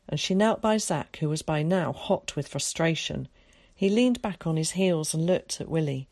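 Woman reading a kids story, lowish voice with some fry, dry close mic. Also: normal speed, a little mellow, no room sound. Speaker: audiobook narrator. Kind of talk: storybook narration.

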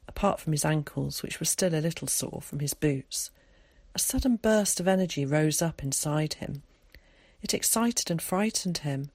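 A woman narrating an audiobook chapter in a measured, expressive storytelling voice. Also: on the low side, dry recording. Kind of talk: scripted narration.

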